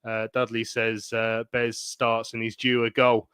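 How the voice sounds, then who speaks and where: A man's voice: medium pitch, monotone, unhurried, fairly bright tone, clean tone, dry recording. A man hosting a casual fan podcast, talking with frequent hesitant fillers. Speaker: podcast host.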